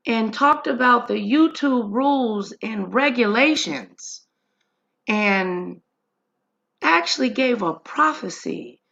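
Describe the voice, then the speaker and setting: A woman hosts a livestream and talks straight to her viewers in a relaxed, chatty way. She speaks slowly and unhurriedly. Her voice is bright and forceful. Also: a little high, creaky, highs cut off. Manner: chatty, addresses viewers directly. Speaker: livestream host. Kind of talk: casual livestream chat. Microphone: streaming setup.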